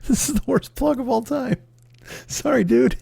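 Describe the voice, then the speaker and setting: A man's voice: very high-pitched, moderate pace, creaky, dark tone, breathy edge, no room sound. A man in his forties hosting a comedy podcast, ranting in a sweary, exasperated, rambling way. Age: 40s. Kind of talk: profane comedic rant.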